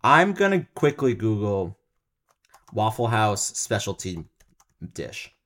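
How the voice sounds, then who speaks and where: A man's voice: lowish voice, sing-song, slow, fairly bright tone. A young man co-hosting a podcast, joking around and rambling in casual chat, laughing often. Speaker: podcast co-host.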